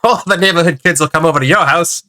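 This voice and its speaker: A man putting on a jaunty, hammy old-timey 1920s pitchman voice. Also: quick pace, crowd noise, natural voice. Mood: folksy salesman.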